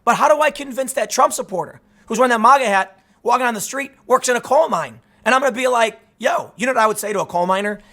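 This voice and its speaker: A man with a fairly high voice talks through casual political commentary. His tone is bright and forceful as he rambles animatedly, repeating himself and acting out imagined conversations. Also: fast. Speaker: commentary host.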